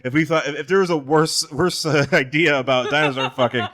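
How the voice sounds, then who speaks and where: A man's voice: on the high side, steady tone, a little fast, fairly bright tone. A man co-hosting a podcast, joking and rambling with restarts in a casual comedic chat. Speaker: podcast co-host.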